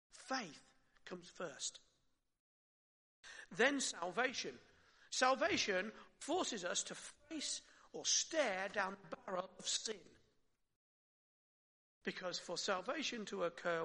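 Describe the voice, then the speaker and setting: A man preaching with a high, bright voice that rings through a long-reverb hall. He talks to his listeners conversationally, asks them questions and sinks to a quiet voice at times. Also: expressive, takes it slowly, long pauses. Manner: conversational, with rhetorical questions and soft drops. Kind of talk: sermon.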